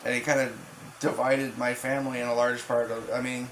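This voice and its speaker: A man in a casual rambling monologue, profane and halting, full of restarts and fillers. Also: mid-range voice, level tone, fairly bright tone, slight background noise, rough recording. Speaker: channel host.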